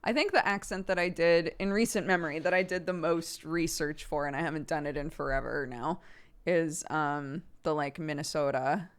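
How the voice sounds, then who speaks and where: A woman's voice: deep voice, steady tone, normal speed, clear, resonant tone. A woman streamer chatting casually with viewers, talkative and laughing often, with many fillers. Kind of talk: casual livestream chat.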